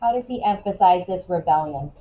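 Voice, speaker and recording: A woman teaching a classroom lesson in a casual way, asking quick questions and often checking in with "right?". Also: on the low side, expressive, phone-quality sound.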